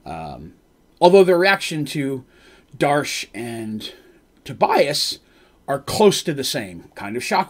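Brief: male game master narrating a tabletop session on stream, rambling and casual, a bit breathy. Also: medium pitch, big pitch swings, slow. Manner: rambling, with casual asides and self-corrections.

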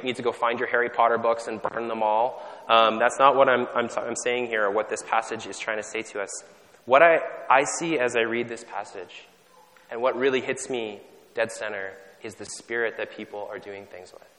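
A man's voice: medium pitch, fairly bright tone. A man from Canada preaching a sermon in a conversational, self-deprecating way, often restarting his sentences. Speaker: pastor. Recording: long hall reverb.

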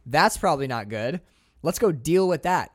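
A man casually recapping a film in a profane, animated way, acting out its characters. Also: a little high, normal speed, dry recording, studio quality. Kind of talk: casual movie recap chat.

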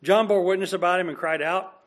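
Guy preaching a sermon, kinda high voice, chatty, lots of uh's and restarts. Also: fairly even intonation, brisk, fairly bright tone. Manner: conversational, acts out quoted dialogue, many fillers and restarts.

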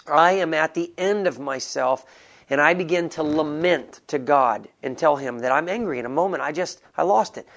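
A man's voice: fairly high pitch, gravelly. A man giving a sermon-style personal testimony, earnest and storytelling, speaking directly to his listeners.

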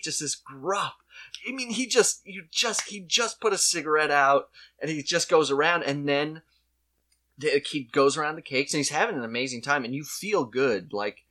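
A man in casual comedic chat, telling an animated story and slipping into put-on voices. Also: on the high side, normal speed.

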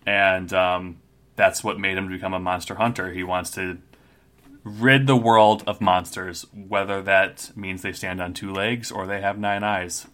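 Man, bright forceful tone, low voice, eager casual talk, quick to laugh. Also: little pitch movement. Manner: eager and talkative, laughs readily. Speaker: podcast co-host building a character. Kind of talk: casual chat about tabletop game planning.

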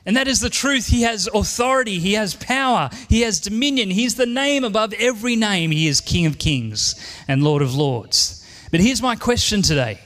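A man's voice: high-pitched, animated, normal speed, few pauses, fairly bright tone, long reverb tail. An Australian man in his forties preaching a sermon in church, earnest and emphatic, repeating his key lines. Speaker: pastor.

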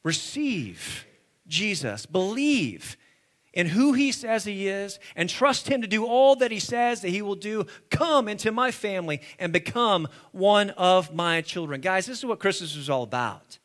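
Pastor guy preaching, very animated, big swings from soft to loud, keeps asking the crowd questions. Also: sits high, normal speed. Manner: swings between hushed and emphatic, call-and-response questions. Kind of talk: sermon.

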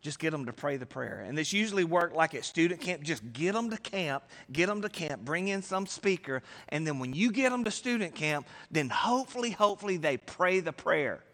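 A man preaching a sermon as pastor, animated and conversational, acting out little voices with big swings in loudness. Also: a little high, fairly quick, few pauses, big-room sound.

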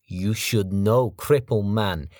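A man voicing a huge, brash Mongolian enforcer who speaks slow, broken English with a mocking edge. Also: on the low side, a little mellow, no room sound, clean studio sound.

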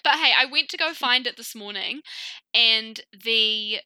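A woman's voice: on the high side, measured pace, clean tone, no room sound, rough recording. A woman co-hosting a podcast, chatting casually, giggling, swearing and acting out her own past remarks. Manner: giggly, swearing, quotes herself in animated asides. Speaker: podcast co-host. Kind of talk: casual chat.

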